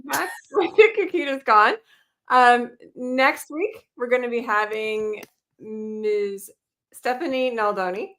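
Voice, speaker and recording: A woman hosting a casual interview, upbeat and quick to laugh. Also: a little high, a bit bright. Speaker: host.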